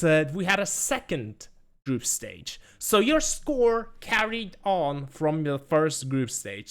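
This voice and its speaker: A man casts an online game tournament and walks the listener through standings and rules. His voice sits a bit high for a man. His manner is explanatory, with the odd wry joke at his own expense. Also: a bit bright. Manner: explanatory, self-deprecating jokes. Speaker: esports caster. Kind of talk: tournament commentary.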